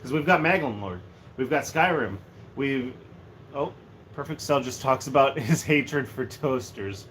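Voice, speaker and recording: A man's voice: mid-range voice, unhurried. A man chatting casually and jokily on a livestream from a room at home, rambling from one thing to the next. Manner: rambling, joking, animated. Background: faint heater hum.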